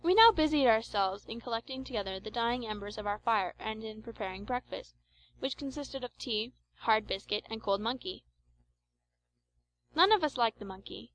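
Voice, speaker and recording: A woman narrating an adventure novel in a measured, expressive audiobook reading. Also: fairly high pitch, a little hiss or hum, poor audio.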